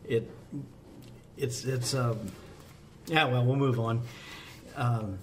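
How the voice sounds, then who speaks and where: On a casual podcast, a firefighter talks through volunteer staffing in a folksy, rambling style, cracking jokes at his own expense. His mid-range voice moves slowly, with a faint hiss or hum in the background.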